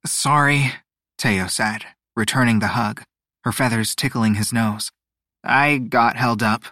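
A man's voice: medium pitch, slow pace, bright, forceful tone, no echo. Male reader doing a guilty young son; curt, brushes things off, close and dry. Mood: sheepish. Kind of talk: audiobook character voice.

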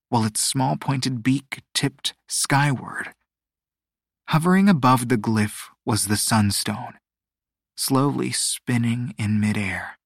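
A male audiobook narrator reads a fantasy novel in scripted narration, steady and descriptive. His pitch is medium, and the sound is clean studio quality with no room sound.

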